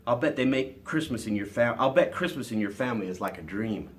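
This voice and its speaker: Man doing sincere young man for a storybook reading, lowish, mild. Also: lively intonation, brisk, close to an everyday voice. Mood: earnest. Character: young man, earnest and gently teasing.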